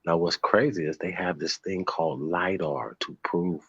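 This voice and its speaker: A man's voice: low-pitched, a little slow, hardly any pauses, bright, forceful tone, slightly rough, no echo, dull audio. A man hosting a casual livestream chat, laid-back and rambling, with many restarts. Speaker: host.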